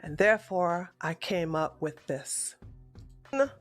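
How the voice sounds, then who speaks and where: A man's voice: fairly high pitch, expressive, slow, faint music behind. A political livestream host talking through an argument on his show in an emotional, stammering way that keeps correcting itself. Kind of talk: livestream commentary.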